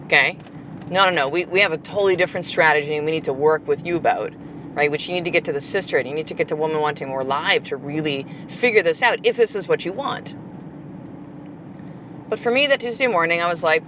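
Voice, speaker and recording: A woman's voice: fairly low pitch, lively intonation, fairly quick, background noise. A middle-aged woman hosting a motivational podcast, talking bluntly and with plenty of swearing as she coaches her listeners. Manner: blunt, profane, fired-up coaching talk. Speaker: podcast host.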